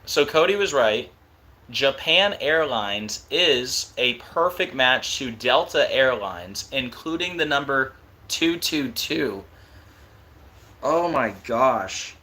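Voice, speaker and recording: Excited, fast-talking young man. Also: mid-range voice. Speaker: live stream host. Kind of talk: casual live stream talk.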